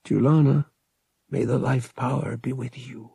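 A man voicing a stubborn, earnest young human man, pitching his voice high and strained. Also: steady tone, a little slow, gravelly, warm tone, slightly rough, no echo, clean studio sound, full character voice. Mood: soothing.

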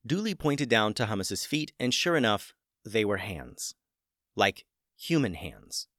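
A man narrating a children's story in a gentle storytelling manner, building the excitement through its dramatic parts. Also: fairly low pitch, dry recording, studio quality. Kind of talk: scripted narration.

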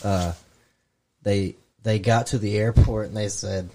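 A man's voice: on the low side, steady tone, measured pace, noisy background. A man hosting a casual podcast, joking around and swearing freely. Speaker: podcast host. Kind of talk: casual chat.

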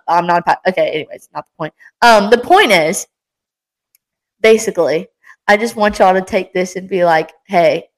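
A woman's voice: mid-range voice, low-quality recording. A young woman hosting a casual faith podcast, talking with passion and energy in a rambling, encouraging way. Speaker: podcast host.

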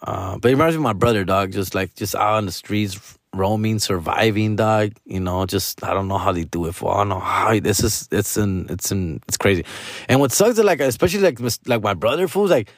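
A man's voice: lowish voice, animated, a little fast, no echo, studio quality. A middle-aged man, rambling through a casual story with profane slang and bits of Spanish.

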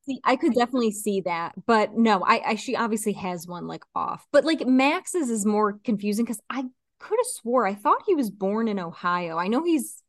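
A chatty woman co-hosting a podcast, rambling loosely with lots of fillers and easy laughter. Her voice sits at a middling pitch. The sound is close and dry. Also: big pitch swings, moderate pace, few pauses, dry recording. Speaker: podcast co-host. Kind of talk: casual chat.

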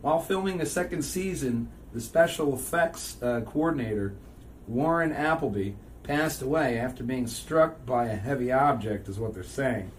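A man hosting a casual podcast, telling stories with frequent loud laughter. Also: mid-range voice, moderate pace. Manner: loud laughing, animated storytelling. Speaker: podcast host. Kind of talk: casual chat. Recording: distant mic, faint noise.

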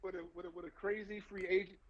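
A man's voice: high voice, level tone, quick pace, highs cut off. A man co-hosting a casual sports podcast, laid-back and drawn out as he wraps up. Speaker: podcast co-host.

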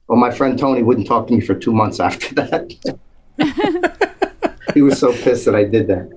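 A man telling a lively anecdote in casual conversation, acting out the quotes. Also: medium pitch, moderate pace, rough recording. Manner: animated storytelling, acts out quotes. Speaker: storyteller, former police officer.

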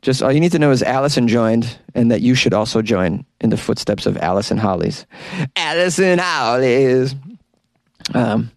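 A man with a lowish, darkish voice full of vocal fry hosts his podcast's outro from a small closet, with no echo. He talks briskly with hardly any pauses, rambling casually, stumbling, mocking himself with laughter, and breaking into sung impressions.

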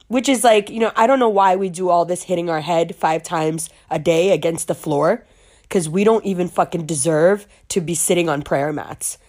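A woman's voice: lowish voice, normal speed, a little mellow. A young adult woman from Pakistan telling a personal story, candid and emotional, swearing freely and laughing through tears.

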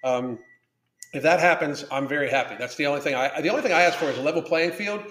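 A man's voice: a little high, quick pace, fairly bright tone, slight background noise. A man hosting a live podcast, chatting casually in a profane, blunt, rambling way. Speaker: podcast host. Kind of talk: casual livestream chat. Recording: roomy echo.

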